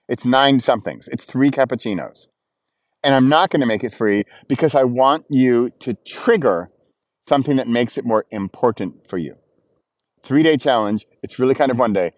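A man talking as he walks outdoors, lively and self-mocking. His voice sits in a middle register and sounds close and dry, with a slightly dull, muffled quality. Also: medium pitch, dry recording. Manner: animated, playful, laughs at himself. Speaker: vlogger. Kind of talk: walking vlog, casual monologue. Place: outdoors, walking.

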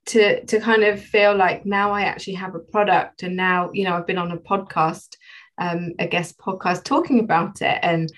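A woman's voice: fairly low pitch, fairly even intonation, normal speed, low-quality recording. A woman talking as a guest on a podcast, chatty, laughing often and trailing off mid-sentence. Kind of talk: casual podcast chat.

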